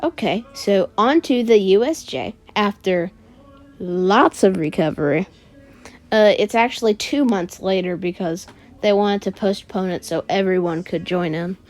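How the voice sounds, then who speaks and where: A woman's voice: mid-range voice, unhurried. A woman casually retelling a fan story, rambling with lots of "uh" and "like". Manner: rambling, full of "uh" and "like".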